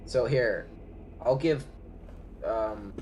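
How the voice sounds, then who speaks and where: A man's voice: medium pitch, extremely slow, a little mellow, slight background noise, rough recording. A man playing a tabletop game, flustered and searching for words. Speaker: player. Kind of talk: casual tabletop play.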